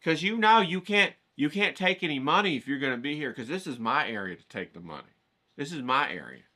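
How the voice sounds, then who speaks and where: A man's voice: a little high, lively intonation, fairly quick, pushed and bright. A man voicing a pushy, territorial woman street vendor who insists and repeats herself. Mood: nosy. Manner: insistent, repetitive, nosy.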